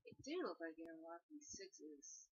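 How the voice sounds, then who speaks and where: A woman's voice: sits low, lively intonation, moderate pace, darkish tone. A young woman co-reviewing a movie in casual chat, adding dry, brief remarks. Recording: dull lo-fi sound.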